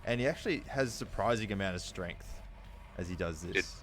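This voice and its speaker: A man running a tabletop game as game master, narrating events in a relaxed way with fillers. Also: sits low, a little fast. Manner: relaxed storytelling with fillers and laughs.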